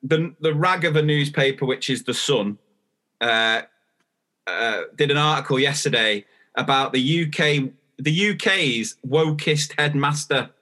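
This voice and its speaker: A man's voice: on the high side, a little slow, bright, forceful tone. A young man, co-hosting a podcast and telling a story in casual chat, acting out the dialogue. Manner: chatty storytelling, acts out dialogue. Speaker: podcast co-host.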